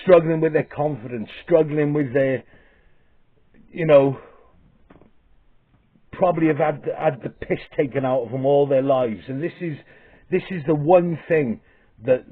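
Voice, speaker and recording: Swearing man on tinny audio. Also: mid-range voice. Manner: heavy swearing, halting restarts, repeated "okay?". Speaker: vlogger. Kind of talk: ranting monologue to camera.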